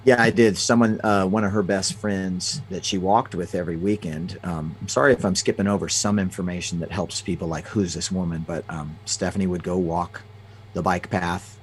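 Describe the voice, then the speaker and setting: Deep-voiced man telling stories haltingly. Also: fairly even intonation, slightly rough. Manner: halting, frequent restarts and fillers. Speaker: interview guest. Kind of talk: conversational storytelling.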